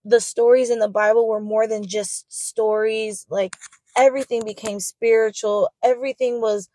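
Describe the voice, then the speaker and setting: A woman's voice: a little high, fairly even intonation, normal speed, warm tone, no room sound. A young woman telling her personal faith testimony in an earnest, emotional way. She often repeats phrases for emphasis.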